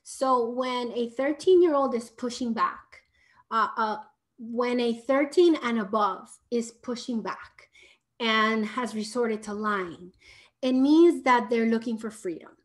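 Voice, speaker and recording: Soothing, fairly high-voiced woman giving parenting advice. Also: slow. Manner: explanatory, frequent "right?" check-ins; soft soothing tone at times. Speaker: parenting educator. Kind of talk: live Q&A advice talk.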